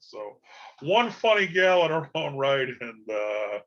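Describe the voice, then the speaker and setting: Rambling folksy man with bright voice. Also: medium pitch, sing-song, slow pace, dull audio. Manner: rambling and folksy, full of fillers. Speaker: podcast host. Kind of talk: casual solo podcast monologue.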